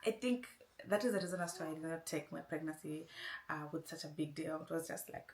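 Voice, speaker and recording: A woman's voice: lowish voice, lively intonation, a little fast. A woman vlogger casually telling a long personal story, rambling and often saying "anyway". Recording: roomy echo.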